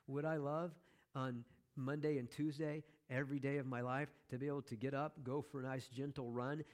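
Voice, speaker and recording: A man preaching a sermon as pastor, conversational, with joking asides to the congregation. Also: medium pitch.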